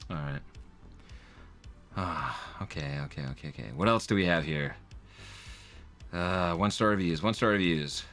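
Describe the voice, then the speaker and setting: A man's voice: deep voice, normal speed, long pauses, fairly bright tone, faint music behind. A man hosting comedic commentary on reviews, with exaggerated reactions and frequent laughs. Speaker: host.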